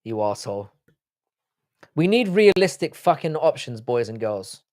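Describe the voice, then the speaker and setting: A man's voice: a little high, very animated, moderate pace, darkish tone. A young man hosting a livestream, ranting and swearing as he reads out chat comments. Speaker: livestream host. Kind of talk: live-stream chat reading comments.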